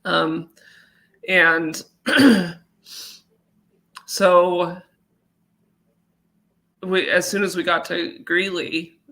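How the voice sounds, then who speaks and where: A woman from Colorado telling a personal story as an interview guest, halting and earnest, with many fillers. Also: fairly low pitch, gravelly, bright, forceful tone. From Colorado, USA.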